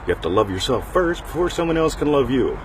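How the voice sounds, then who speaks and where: A man's voice: mid-range voice, sing-song, fast, slight background noise. A middle-aged man hosting a casual talk show, rambling and joking with frequent asides to his listeners. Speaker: podcast host.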